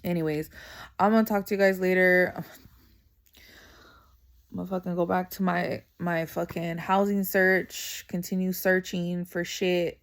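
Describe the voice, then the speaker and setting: A woman's voice: on the low side, flat delivery, a little slow. A young adult woman vlogging straight to camera in a casual venting monologue, blunt and profane, full of slang and constant "you know what I'm saying" asides.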